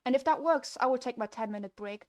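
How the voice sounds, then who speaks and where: A young woman with a slightly high voice talks fast while livestreaming her game development, chatting to herself as she codes. Her mood swings between frustration and glee.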